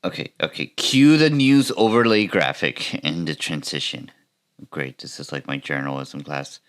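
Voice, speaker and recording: A man's voice: extremely low pitch, moderate pace, fairly bright tone, soft background music. A man hosting a podcast, ranting about retail work in a wry, self-mocking way with rambling asides. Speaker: podcast host. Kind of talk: comedic retail-work rant and video reactions.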